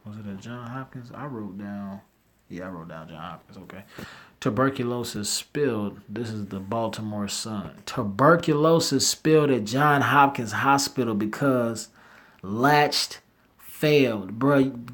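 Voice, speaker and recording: Male commentary host of average pitch who reads headlines, then rambles and reacts with loud disbelief. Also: unhurried. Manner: rambling, self-interrupting, slangy asides. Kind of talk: casual commentary reading headlines aloud.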